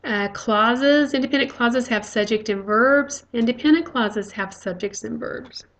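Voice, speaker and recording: With a slightly high voice and audio that sounds a bit bright, a woman teacher gives a recorded grammar lecture. She goes step by step and patiently, often stopping on "uh" or "okay."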